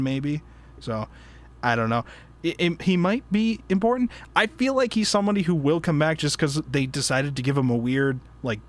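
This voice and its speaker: A man with a slightly raised voice chats casually in a book club discussion. He rambles through fillers and false starts, laughing often as he talks. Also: a little high. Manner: rambling, laughing, frequent fillers and self-interruptions. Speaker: podcast host.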